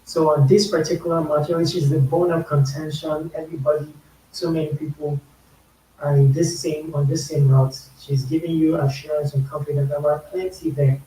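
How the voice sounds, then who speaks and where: This YouTube music reaction host, a Nigerian-accented man, breaks down a song's slang and lyrics casually and says phrases twice for emphasis. He speaks at a moderate pace in a slightly high, dark-toned voice with little pitch movement. Faint hiss, an echoey room, and a somewhat distant mic color the recording.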